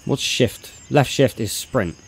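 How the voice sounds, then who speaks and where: A young man talks through a game live, thinking aloud as he sorts his gear. He chats casually with his viewers and greets them in a loud, upbeat burst. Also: medium pitch, takes it slowly, husky. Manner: chatty, thinks aloud, greets chat loudly. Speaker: game streamer. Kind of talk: live gameplay commentary.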